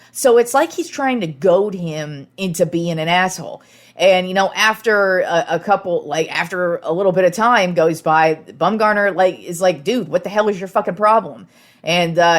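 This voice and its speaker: A young woman hosting a casual sports podcast, talking frankly and with plenty of filler words. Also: on the low side.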